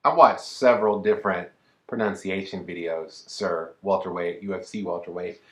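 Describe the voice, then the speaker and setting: A man co-hosting a casual reaction chat, joking and rambling in an animated way. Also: sits low, moderate pace, roomy sound. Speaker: co-host.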